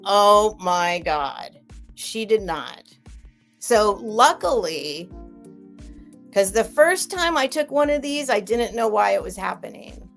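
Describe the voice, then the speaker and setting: A middle-aged woman talks casually to her live-stream audience, rambling and candid, answering commenters by name. Her voice sits at a middle pitch, and faint music plays softly in the background. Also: lively intonation, slow, vocal fry. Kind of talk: casual chat with live chat viewers.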